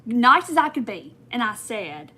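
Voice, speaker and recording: A woman's voice: fairly high pitch, big pitch swings, measured pace, pushed and bright. A woman chatting on a crafting livestream, rambling through a story and talking straight to her viewers while she works. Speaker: crafting channel host.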